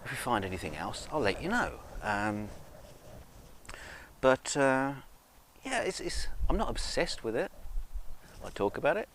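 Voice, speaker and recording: A man's voice: medium pitch, very animated, unhurried, pauses often, fairly bright tone, slight background noise. A drunk man with an English accent, rambling in a casual monologue with many fillers, restarts and swearing. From England, of Scottish family. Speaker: guitar video maker.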